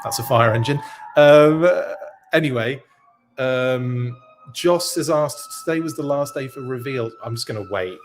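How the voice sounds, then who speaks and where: Over faint music, a man of medium pitch speaks a little slowly as host of a live podcast stream. He reacts live, chatting casually and reading viewer comments out loud. He tends to ramble, breaking into his own sentences.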